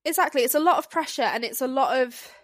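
A woman co-hosting a podcast, talking in an animated, opinionated way and quick to laugh. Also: high-pitched, no echo. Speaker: podcast co-host. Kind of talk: casual chat.

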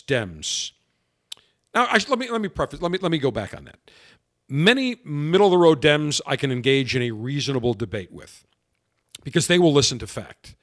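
A man's voice: on the high side, fairly bright tone. A middle-aged man and radio host delivering an emphatic, combative political monologue full of anecdotes.

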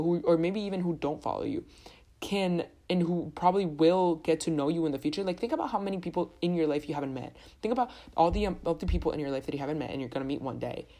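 A woman's voice: sits low, dark tone. A young woman hosting her own podcast, chatting casually and rambling with lots of restarts. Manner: rambling, chatty, self-correcting. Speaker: podcast host. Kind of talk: casual solo podcast chat.

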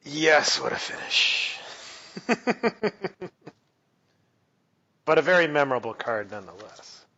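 Low-key male co-host, very slow, bright voice. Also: big pitch swings, creaky, breathy edge. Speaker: podcast co-host. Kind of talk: casual chat. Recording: dull lo-fi audio.

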